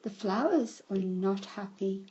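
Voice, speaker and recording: A woman reads a children's story aloud at an unhurried pace, her pitch rising and falling all through. Her voice is a little husky. The recording sounds muffled and lo-fi. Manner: slow, lively storybook telling with shouted character cries.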